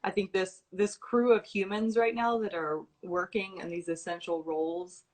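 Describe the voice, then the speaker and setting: A woman's voice: medium pitch, fairly even intonation, normal speed, darkish tone, poor audio. A woman hosting a livestream at home, reading out scholarship nominations in an informal way with asides, fillers and restarts. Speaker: host announcing scholarship recipients. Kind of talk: casual livestream talk.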